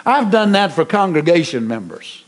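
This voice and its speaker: High-voiced preaching pastor. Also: male voice, normal speed. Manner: animated preaching with repetitions and restarts. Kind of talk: sermon.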